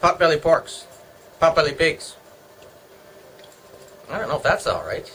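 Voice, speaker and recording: A man's voice: a little high, very animated, measured pace, pushed and bright, slightly rough, poor audio. A middle-aged Canadian man chatting casually at home, joking and wandering from topic to topic. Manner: joking, meandering, talks to himself. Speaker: vlogger. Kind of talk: casual rambling chat.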